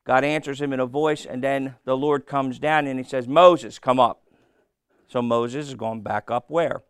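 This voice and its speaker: A man's voice: medium pitch, steady tone, clean tone, no echo, clean studio sound. A man preaching a sermon, asking his congregation questions and answering them himself. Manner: slow, call-and-response questions to the congregation.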